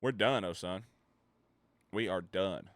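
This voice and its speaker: A man's voice: low-pitched, slow pace, dry recording. A man streaming live, rambling and ranting profanely while reacting to chat. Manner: rambling, profane, reads chat and riffs loudly.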